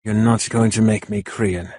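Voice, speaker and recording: A sullen, defiant young prisoner with a low, husky voice and a bitter edge, as a male narrator voices him. He sounds close and dry, spitting out scorn at his captor. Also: steady tone, measured pace, a little mellow, no echo.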